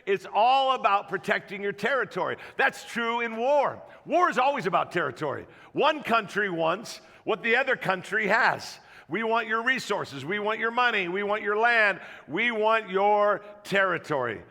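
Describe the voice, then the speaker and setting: A man's voice: high-pitched, animated, normal speed, few pauses, sharp tone. A middle-aged male pastor telling a jokey story in a sermon, acting out the voices as he goes. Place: church auditorium. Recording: long reverb of a church hall.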